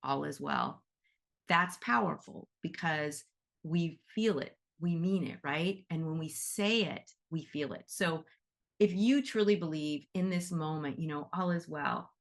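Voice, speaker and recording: Chatty woman teaching, lower voice. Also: a little slow. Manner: chatty, demonstrative, laughs easily. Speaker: animal reiki teacher. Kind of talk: casual teaching session.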